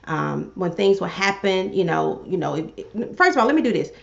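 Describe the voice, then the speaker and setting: A woman talking casually on a livestream, an animated life coach who repeats phrases and calls on her viewers directly. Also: lowish voice, moderate pace, vocal fry. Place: home room she calls her pink cave. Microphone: livestream setup. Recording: slightly dull livestream audio.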